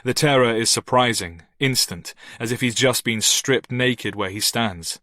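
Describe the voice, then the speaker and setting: A man narrating a thriller audiobook with steady, tense storytelling. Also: mid-range voice, a little slow, few pauses, dry recording, clean studio sound. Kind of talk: scripted narration.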